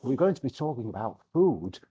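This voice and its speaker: A man's voice: mid-range voice, very animated, a little fast, mellow, breathy edge, highs cut off. A man hosting a casual travel vlog chat, talking expressively and laughing often. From England. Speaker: vlog host. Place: cafe in Marrakech.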